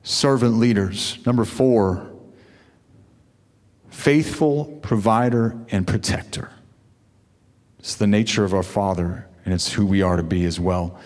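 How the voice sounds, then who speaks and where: A man's voice: lowish voice, unhurried, pauses often, a little mellow. A male pastor preaching a sermon to fathers, with call-and-response asides to his congregation. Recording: long hall reverb.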